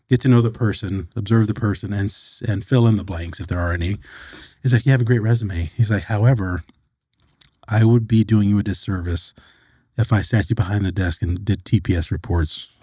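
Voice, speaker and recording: A middle-aged American man, a guest on a podcast, tells a personal story with a lowish voice at a moderate pace, recorded dry. He's an animated storyteller who acts out the lines people spoke.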